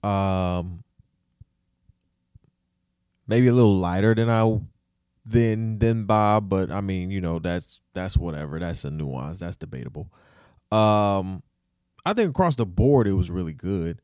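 A man's voice: deep voice, unhurried, long pauses, smooth, dry recording, clean studio sound. A man hosting a casual opinion podcast, talking. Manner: relaxed and conversational, with many fillers and repeats. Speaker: podcast host.

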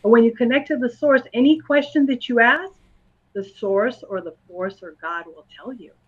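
A woman with a fairly high voice answers interview questions in a calm, patient way. She explains ideas in simple words for a young listener. The recording sounds dull and lo-fi. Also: moderate pace, slightly rough. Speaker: guest, school psychologist and clairvoyant.

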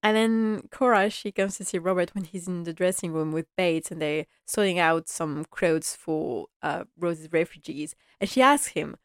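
A woman talks through an episode in a casual, chatty recap, acting out the characters' lines with animation. Her voice sits a little low, and the sound is dry with no room echo. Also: moderate pace, hardly any pauses, clean tone. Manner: chatty and animated, acting out quotes, laughing often. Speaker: show recap vlogger.

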